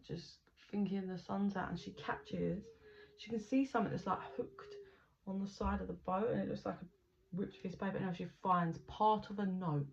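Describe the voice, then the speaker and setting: A woman's voice: medium pitch, vocal fry. A woman giving a casual tarot reading, chatty and rambling, swearing casually as she tells what she sees. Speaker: tarot reader. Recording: dull lo-fi recording with faint background noise.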